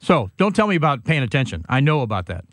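An older man hosting a casual sports talk show, telling stories and teasing his partner between fillers. His voice sits at a middle pitch with a dry, close sound. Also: sing-song, fast, dry recording. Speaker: host.

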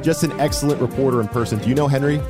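A man in his thirties hosting a casual sports podcast, chatty and self-deprecating, with quick asides. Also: medium pitch, over music. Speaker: podcast host.

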